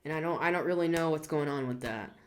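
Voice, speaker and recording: A woman in her thirties giving a blunt, scolding tarot reading in a casual monologue. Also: fast talker. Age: 30s. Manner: blunt, scolding, emphatic with sudden high outbursts. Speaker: tarot reader.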